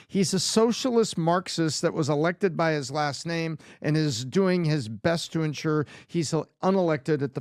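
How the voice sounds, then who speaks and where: A man's voice: a little high, darkish tone, no echo, studio quality. A man giving indignant, emphatic political commentary in a played clip.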